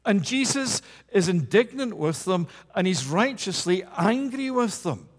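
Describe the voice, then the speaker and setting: A man preaching a sermon, impassioned, swinging between loud emphasis and low hushed passages. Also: sing-song, a little slow, slightly rough. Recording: long reverb of a large hall.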